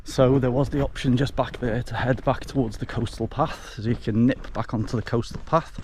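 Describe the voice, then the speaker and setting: A man's voice: medium pitch, steady tone, a little fast, a little mellow. A man talking casually to his viewers while walking outdoors, with a chatty manner and a habit of calling them folks. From Wales. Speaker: travel vlogger. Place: outdoors on coastal paths and village lanes. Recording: outdoor camera audio with clear background noise.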